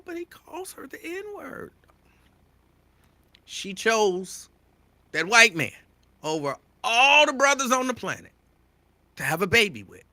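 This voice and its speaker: This talk show host sits high in pitch and sounds free of echo. He shares his views with listeners in an animated, emphatic way, repeating himself and calling them "y'all."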